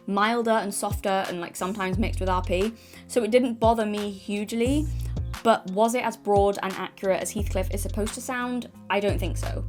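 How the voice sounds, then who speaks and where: A woman from Yorkshire with a mild English accent, giving an opinionated video essay in a blunt style with casual asides. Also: mid-range voice. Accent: mild English, no strong Yorkshire accent. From Yorkshire, England. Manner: opinionated, blunt, sometimes swears.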